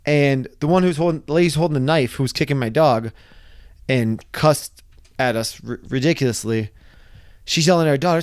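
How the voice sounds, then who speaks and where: A man casually telling a wild story to camera, animated and often restarting his sentences. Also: a little high, fairly quick, clear, resonant tone, dry recording. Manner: animated, acts out shouted quotes, frequent restarts. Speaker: vlogger.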